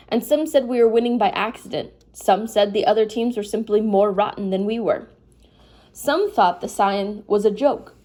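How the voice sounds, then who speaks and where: This woman reads a novel aloud in a mellow, mid-range voice, sleepy and yawning. Her delivery is informal, with pauses where she apologizes and offers comments.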